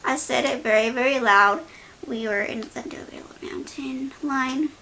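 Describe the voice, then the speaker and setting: Young female vlogger, high pitch, animated slang-heavy storytelling, faint hiss on the recording. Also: measured pace. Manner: animated, slangy, dramatic retelling. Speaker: beauty vlogger. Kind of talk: storytime while doing makeup.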